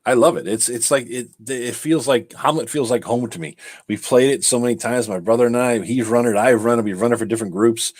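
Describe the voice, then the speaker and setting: Male guest, middle pitch, dry close-miked sound, easygoing and profane. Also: a little fast, darkish tone, no room sound. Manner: laughs often, casual swearing. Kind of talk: casual livestream chat.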